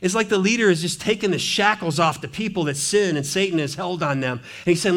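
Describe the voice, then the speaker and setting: A male pastor preaching a sermon in a church. He is animated and conversational, with playful asides and sudden drops to a hushed intensity. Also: high voice, fairly quick, few pauses. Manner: animated, swings from loud emphasis to hushed intensity. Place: church sanctuary.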